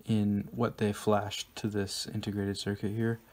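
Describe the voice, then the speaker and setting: Guy doing a casual how-to, low flat voice, lots of um and uh, stops and restarts. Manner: halting, lots of ums and restarts. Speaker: DIY car audio tutorial host. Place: garage workshop.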